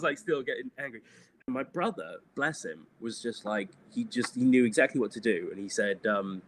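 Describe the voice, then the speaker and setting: A man's voice: mid-range voice, brisk, fairly bright tone. Candid, rambling middle-aged man. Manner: candid, rambling, laughs often, many fillers. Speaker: animator guest. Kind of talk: casual interview chat.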